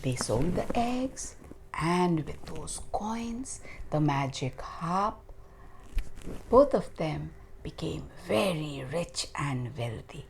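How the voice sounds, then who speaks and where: A woman telling a children's fairy tale in an expressive, dramatic storytelling style, dropping to soft near-whispers in places. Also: low-pitched, gravelly, a little hiss or hum. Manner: expressive, slow, dramatic storybook reading with sound effects.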